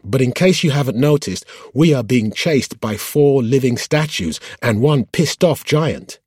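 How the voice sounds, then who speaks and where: A man voicing a frantic cab driver who shouts back apologetically, then sarcastically, mid-chase. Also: mid-range voice, animated, measured pace, slightly rough, no echo, clean studio sound, pitched above the performer's own voice.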